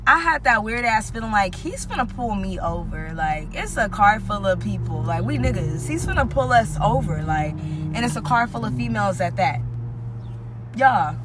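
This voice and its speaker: A woman telling a story casually to her viewers, animated and full of profanity, often calling out to them as "y'all". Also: mid-range voice.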